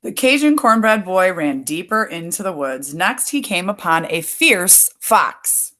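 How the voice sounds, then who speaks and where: A woman reading a picture book aloud as a storyteller, pausing to add explanatory asides for listeners. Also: fairly low pitch, sing-song, a bit bright.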